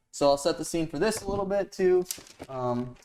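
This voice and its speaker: A man's voice: fairly high pitch, animated, normal speed, warm tone, slight background noise. A man running a tabletop game as game master, describing scenes casually with lots of fillers. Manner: rambling, full of likes and ums.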